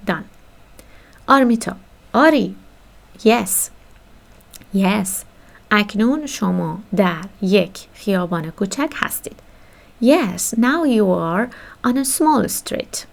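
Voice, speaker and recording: A woman teaching a beginner language lesson, reading story lines quickly and then patiently explaining each word. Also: mid-range voice, lively intonation, gravelly.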